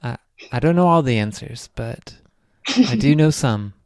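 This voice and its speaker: A man co-hosting a podcast in casual chat, halting and hesitant, with gentle laughs. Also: mid-range voice, animated, no room sound, clean studio sound. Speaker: podcast co-host.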